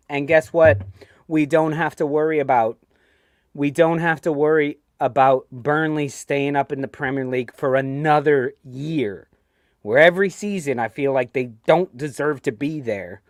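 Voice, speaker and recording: A man's voice: mid-range voice, no room sound, clean studio sound. A man with a New York accent hosting a casual football fan live stream, chatty and ranting, reading viewer comments aloud. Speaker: host of a fan show.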